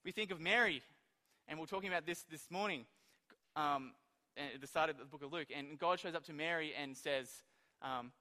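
A man preaching a sermon, telling stories in an animated way and acting out the quoted lines. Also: fairly high pitch, moderate pace, big-room sound.

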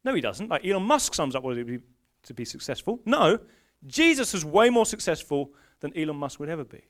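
A man preaching a sermon in a lively, conversational way, often restarting his phrases. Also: fairly high pitch, fairly quick.

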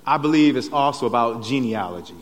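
A pastor with an expressive mid-range voice preaches a little fast in a church sanctuary, keeping his sermon conversational and often checking in with "right?". The church hall lends a long reverb.

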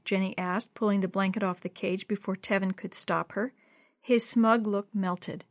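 Expressive woman reading a children's story. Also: medium pitch, moderate pace, no echo, studio quality. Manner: expressive, lively dialogue voices. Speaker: narrator. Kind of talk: storybook reading with character voices.

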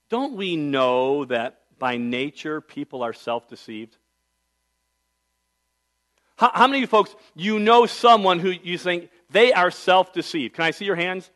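A middle-aged male pastor preaching a sermon, telling a personal story in a conversational way, with big swings from soft to loud. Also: high-pitched, expressive, measured pace.

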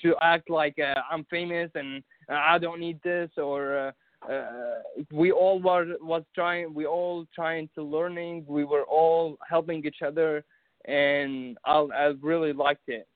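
Halting man on a tinny line. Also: fairly high pitch, fairly even intonation, no echo. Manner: halting, many restarts and fillers. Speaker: guest recounting an event. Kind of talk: casual conversation.

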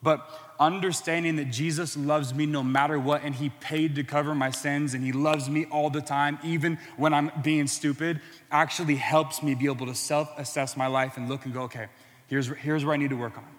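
Male preacher, earnest and impassioned, fairly high voice, long hall reverb. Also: fairly even intonation, moderate pace. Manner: earnest, builds to impassioned emphasis. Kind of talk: sermon.

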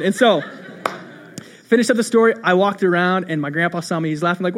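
A young man with a notably high voice preaches a sermon in a loose, conversational way. He circles back to the same key phrases and tells stories with self-deprecating humor. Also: a little fast. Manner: animated storytelling, repeating phrases. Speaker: pastor.

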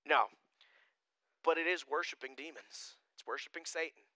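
A male pastor preaching a sermon, swinging between loud declarations and quiet asides. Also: on the high side, fairly even intonation, moderate pace, no room sound, rough recording.

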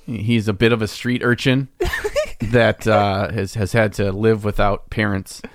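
Teasing low-voiced podcast host. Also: male voice, little pitch movement, unhurried, no echo, clean studio sound. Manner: playful, teasing, laughs often. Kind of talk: casual podcast chat.

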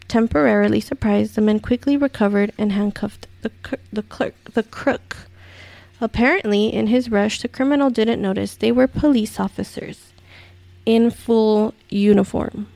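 A woman's voice: fairly high pitch, normal speed, gravelly, warm tone, dry recording. A woman hosting a countdown video, reading each item and then reacting with incredulous, swearing commentary.

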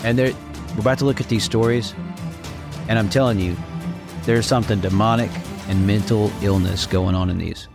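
A man's voice: on the low side, fairly even intonation, normal speed, gravelly, over loud music. A man hosting a faith podcast, speaking in a blunt, preachy way while reacting to clips. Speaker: podcast host.

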